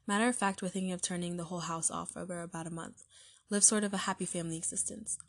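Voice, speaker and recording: A woman's voice: lowish voice, steady tone, fast. A woman voicing a sullen, spoiled boy in a storybook reading, answering coldly and sharply. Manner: cold, sharp replies.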